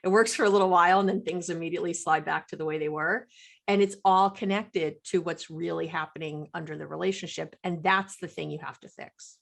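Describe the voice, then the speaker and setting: A middle-aged woman psychologist, a podcast guest, explaining relationships in lively talk and acting out what partners say. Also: on the low side, a little fast, vocal fry. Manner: animated, acts out quoted partners.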